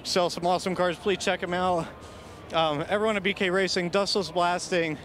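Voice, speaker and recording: A race car driver in a post-race interview, emotional and halting, thanking his team. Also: high-pitched, steady tone, fairly bright tone. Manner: choked up, halting, grateful. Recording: faint outdoor track noise.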